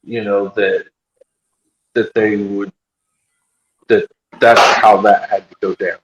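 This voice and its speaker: A man's voice: on the low side, slow pace, background noise. Man telling stories in an echoey room. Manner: animated storyteller who acts out the other people's lines. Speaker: guest telling a story. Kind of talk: casual chat.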